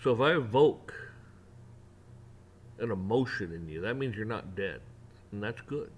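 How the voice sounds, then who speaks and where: A man delivering a heated opinion rant, mocking officials in sarcastic put-on voices and building up to near shouting. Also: on the low side, lively intonation, a little slow, breathy edge. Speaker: rant channel host.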